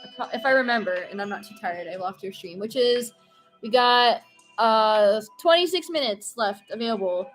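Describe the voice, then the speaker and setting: A woman's voice: a little high, animated, moderate pace, faint music behind. A young woman streamer chatting casually and playfully with her viewers while she paints pumpkins. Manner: chatty and playful, reacting to chat.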